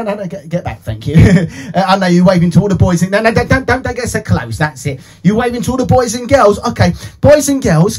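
A man hosting a live children's show as an entertainer, energetic and cheering with sing-song shouts, with playful back-and-forth to a puppet. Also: high-pitched, slightly rough.

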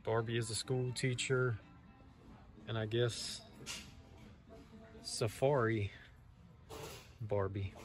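A man narrating a casual toy-hunting vlog, chatty and sarcastic, with loud mock-excited stretches. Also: lowish voice, takes it slowly, long pauses, soft background music. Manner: loud, animated outro.

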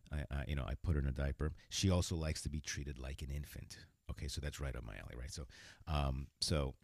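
A male podcast host with a low voice tells a story from his own life in a casual way. He speaks frankly and often restarts sentences. The sound is close and dry. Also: darkish tone, breathy edge, no room sound. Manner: frank and conversational, with repeated fillers and restarts. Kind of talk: casual first-person storytelling.

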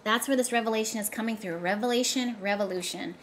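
A woman's voice: mid-range voice, quick pace, a bit bright, slight background noise. A woman giving a casual tarot reading straight to her viewers, talking emphatically and often repeating herself for effect. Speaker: tarot reader.

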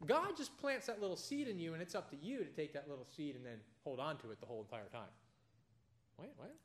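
A man leads an informal Bible study at a quick clip, his voice sitting a little high. He talks like he is chatting with friends, slipping into stories and animated asides. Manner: conversational, tells anecdotes, animated asides. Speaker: Bible teacher.

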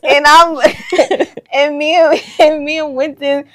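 A woman's voice: sits high, fairly even intonation, takes it slowly, a bit bright. A young woman, chatting casually as co-host and telling stories animatedly, laughing often. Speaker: co-host, daughter. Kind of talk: casual chat.

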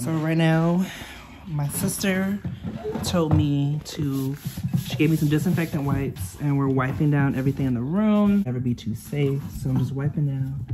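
A young woman vlogging casually to camera, chatty and excitable, nervous before her surgery. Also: low voice, background noise. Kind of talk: casual vlog talking to camera.

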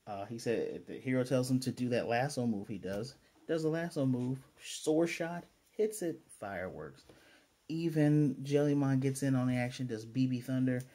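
A man casually reviewing an anime episode on his own channel, rambling enthusiastically and quoting characters in quick asides. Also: medium pitch, warm tone. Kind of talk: casual solo video review.

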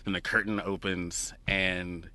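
Bright-toned male stage actor guest. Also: low voice, little pitch movement, unhurried. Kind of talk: casual interview chat.

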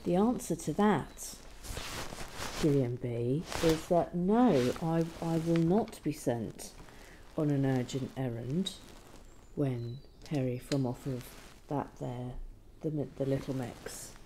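Low mellow woman chatting away while she builds, rambly and unhurried. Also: slight background noise. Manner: chatty, rambling, lots of fillers and restarts. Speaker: building-toy vlog host. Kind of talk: casual build commentary. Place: cold room at home.

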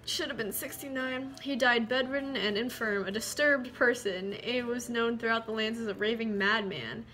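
A woman's voice: on the high side, moderate pace, bright, forceful tone, faint music behind. A woman giving casual gameplay commentary, chatty, swearing freely and reading game text aloud. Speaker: gaming video creator.

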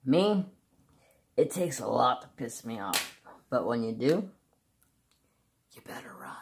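A woman's voice: a bass voice, sing-song, a little slow, creaky, a little mellow, slight background noise. A woman craft vlogger in casual, rambling chat, laughing often and swearing freely.

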